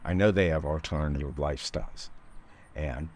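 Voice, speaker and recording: A man's voice: a bass voice, moderate pace, darkish tone. An older man, a barber, talking in a casual interview in his shop. He is an opinionated, rambling storyteller. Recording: noisy background.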